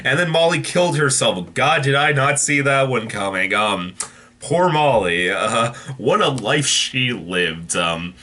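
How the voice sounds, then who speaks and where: A man talks through a TV episode review off the cuff, circling back and restarting his sentences with plenty of ums and likes. His voice is bright and clear-toned, sitting at an ordinary pitch for a man. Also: animated, a little slow. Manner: rambling, many fillers and restarts. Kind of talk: casual unscripted review.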